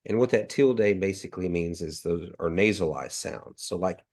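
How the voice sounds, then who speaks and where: A man teaching a language class online, patiently modeling each sound slowly; his voice is nasal from allergies, heard over a video call. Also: low voice, darkish tone.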